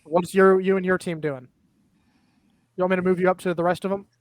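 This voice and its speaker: A man's voice: sits high, level tone, a little fast, no echo. A man running an online tabletop game as game master, narrating events in an easygoing, matter-of-fact way.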